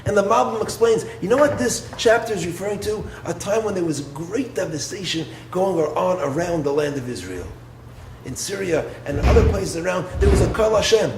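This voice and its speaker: A man, a rabbi, giving a Torah lecture in an expressive way, posing rhetorical questions and swinging from low, quiet phrases to raised ones. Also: normal speed. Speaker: rabbi and yeshiva head. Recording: roomy echo with faint background noise.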